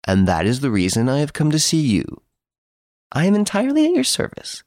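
A man reading an audiobook, voicing a suave, boastful gentleman thief who mocks his jailers from his prison cell. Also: on the high side, huge pitch swings, brisk, no room sound, studio quality, voice pushed up. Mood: mocking, playful. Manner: playful, teasing, boastful.

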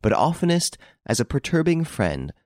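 A man's voice: a little high, big pitch swings, normal speed, darkish tone, no echo, clean studio sound. A man narrating a classic novel as an audiobook, reading expressively. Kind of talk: scripted narration.

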